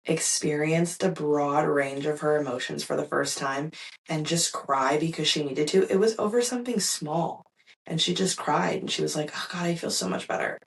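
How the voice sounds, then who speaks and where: A young woman hosting her own podcast, telling a personal story in a candid, reflective way with soft laughs and fillers. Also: low-pitched, far from the mic, rough recording. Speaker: podcast host.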